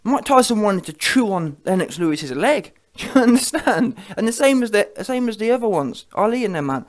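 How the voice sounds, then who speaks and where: A man's voice: sits high, big pitch swings, moderate pace. A man giving heated, mocking boxing commentary on his vlog and checking in with viewers as he goes. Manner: heated, mocking, keeps asking the viewer "yeah?". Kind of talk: ranting reaction commentary.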